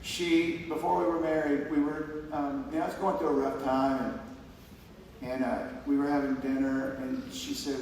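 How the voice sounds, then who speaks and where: Standing on stage in a big hall, a male award recipient gives a sincere, wandering acceptance speech with restarts and quoted conversations. His voice is a little high and a little mellow, with little pitch movement and a moderate pace. The echoey hall is recorded from far off, with slight background noise.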